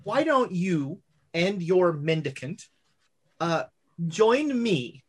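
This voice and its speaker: A woman's voice: fairly low pitch, sing-song, slow, slightly rough, exaggerated voice. A woman voicing a haughty female sun god who talks down to a newcomer. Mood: smug. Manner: smug, condescending.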